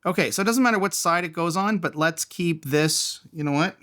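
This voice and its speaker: A man's voice: a little high, a little fast, pushed and bright. A man casually reviewing and taking apart a small fidget toy, thinking aloud as he tinkers. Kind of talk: casual product teardown.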